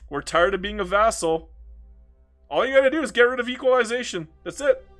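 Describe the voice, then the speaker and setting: A Canadian man with a fairly high voice rants and swears through casual livestream chat, laughing between his complaints. Soft music plays faintly behind him. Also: expressive, a little fast. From Alberta, Canada. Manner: ranting, profane, laughs between jabs. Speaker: strategy game streamer.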